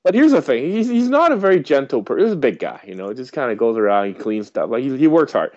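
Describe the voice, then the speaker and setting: A man telling a rambling, animated anecdote in casual chat, full of fillers and restarts. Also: medium pitch, quick pace, muffled recording.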